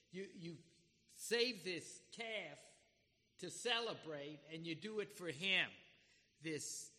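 A man preaching, voicing a resentful, self-righteous older brother who loudly accuses his father. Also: high voice, in a large hall, voice pushed up, heavily acted. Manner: indignant, loud and accusing.

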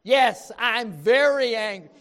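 A man voicing an indignant prophet from a sermon reading, high-voiced and bursting out loudly in exasperation at heaven. The echo of a large hall rings out behind each cry. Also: takes it slowly, heavily acted. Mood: furious. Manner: loud, exasperated outbursts. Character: angry, indignant biblical prophet pleading with God. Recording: reverberant hall.

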